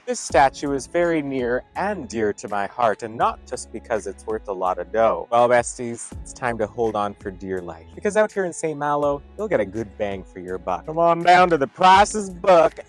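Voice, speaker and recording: A man hosting a comedy travel vlog outdoors at roadside attractions, cracking puns in bursts of exaggerated excitement. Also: mid-range voice, moderate pace, hardly any pauses, faint music behind.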